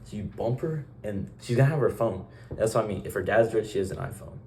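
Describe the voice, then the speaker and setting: Low-voiced young man rambling offhandedly. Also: animated, fast, a little mellow, a little hiss or hum. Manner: acts out short dialogue exchanges. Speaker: vlogger. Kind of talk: casual vlog monologue.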